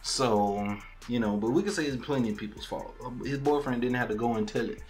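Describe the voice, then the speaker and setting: A man's voice: medium pitch, a little fast, faint music behind. A podcast host recapping an episode in a loose, slangy way, with profanity. He's a man with a mid-range voice who acts out the characters' lines as he goes. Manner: animated storytelling with quoted character lines and laughs.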